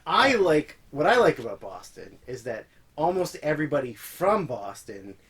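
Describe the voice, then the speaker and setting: A man's voice: a little high, sing-song, normal speed, a bit bright, breathy edge, poor audio. A man co-hosting a podcast, trading dry, teasing banter in casual chat. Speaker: podcast co-host.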